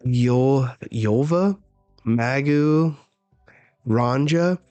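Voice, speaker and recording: A man's voice: mid-range voice, extremely slow, dark tone, dry recording, soft background music. A man voicing a frantic giant who chases sleepwalking kids while reading a manga aloud, with alarmed, breathless calls.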